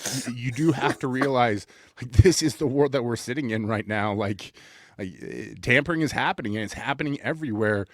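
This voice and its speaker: A man's voice: medium pitch, no room sound, clean studio sound. A man co-hosting a sports podcast, talking in an earnest, opinionated way that stumbles over restarts and repeated words as he makes his points. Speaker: podcast co-host. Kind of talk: casual sports chat.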